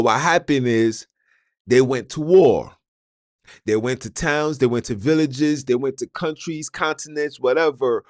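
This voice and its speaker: A man's voice: medium pitch, no room sound, clean studio sound. A man hosting a podcast, delivering an argumentative monologue full of rhetorical questions that he puts straight to his listeners. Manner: addresses listeners directly. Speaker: podcast host.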